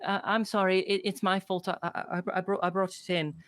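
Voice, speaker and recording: A man's voice: sits high, flat delivery, fairly quick, fairly bright tone, no room sound, studio quality, pitched above the performer's own voice. A man voicing a timid, polite little girl who stammers shyly. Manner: hesitant, stammering.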